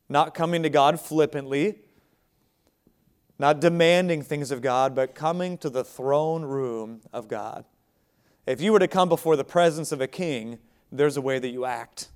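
A man's voice: on the high side, a little slow, clean tone. An American man preaching a sermon, speaking in a conversational way with asides to the congregation. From United States. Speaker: pastor.

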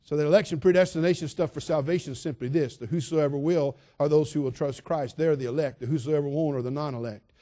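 A male pastor delivering an emphatic, repetitive sermon, dropping soft and then building loud. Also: on the high side, fast talker, few pauses.

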